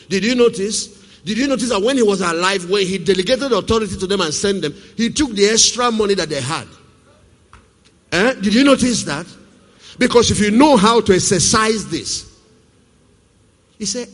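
A man preaching a sermon, who puts questions to the congregation and swings from forceful to hushed. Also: sits high, lively intonation, normal speed. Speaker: pastor. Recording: reverberant hall.

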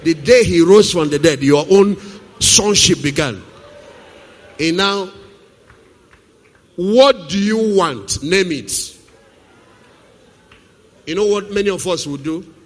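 A man preaching a sermon, who puts questions to the congregation and swings from forceful to hushed. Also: high-pitched, slow pace, long pauses. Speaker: pastor. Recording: reverberant hall.

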